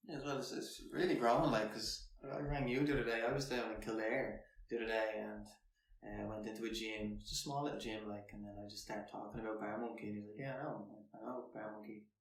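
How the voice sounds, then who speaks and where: A man's voice: on the low side, steady tone, quick pace. A young Irish man hosting a casual podcast, asking questions and moving the talk along. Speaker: podcast host. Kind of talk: casual interview chat. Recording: echoey room, faint noise and clicks.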